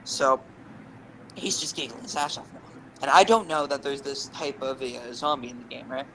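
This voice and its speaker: A young man and podcast co-host telling rambling, animated gaming anecdotes, swearing freely. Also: medium pitch, moderate pace, a little hiss or hum, low-quality recording. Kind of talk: casual storytelling.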